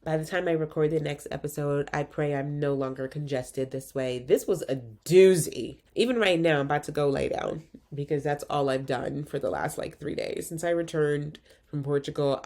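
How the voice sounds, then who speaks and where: Congested woman with a low voice. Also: mellow. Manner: candid, reflective, informal. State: congested with a cold. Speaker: podcast host and physician coach. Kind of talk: casual solo podcast talk.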